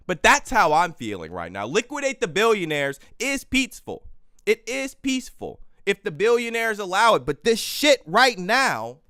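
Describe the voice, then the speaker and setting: Fired-up male live-podcast host, swears freely and repeats himself for punch; fairly high, smooth voice in a dry room. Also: pushed and bright, dry recording. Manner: fiery, swearing, repeating phrases for emphasis. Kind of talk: heated political livestream rant. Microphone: microphone he yells at.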